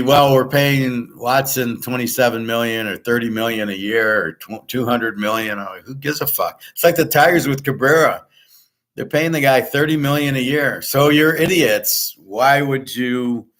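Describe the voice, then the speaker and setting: A man's voice: on the low side, fairly bright tone. A man hosting his own show, talking off the cuff in a blunt, scornful and profane way, acting out both sides of his stories. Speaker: sports handicapper and show host. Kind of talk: unscripted ranting monologue.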